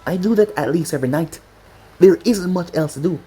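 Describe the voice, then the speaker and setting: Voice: medium pitch, brisk, mellow, breathy edge, lightly acted. A narrator putting on a bratty sarcastic girl. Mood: whiny. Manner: whiny, sarcastic. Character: bratty sarcastic nineteen-year-old girl. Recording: faint music behind.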